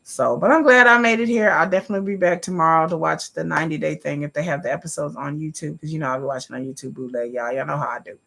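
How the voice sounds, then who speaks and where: A woman's voice: deep voice, fairly even intonation, quick pace, gravelly, hardly any pauses, fairly bright tone. A woman, chatting casually to her livestream viewers and calling them y'all. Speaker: livestream host.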